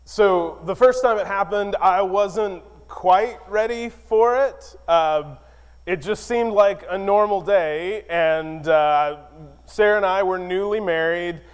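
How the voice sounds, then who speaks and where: A man preaching a sermon, telling a personal story in a relaxed, self-deprecating way with lots of fillers. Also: high voice, slow pace, clean tone, in a large hall. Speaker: pastor.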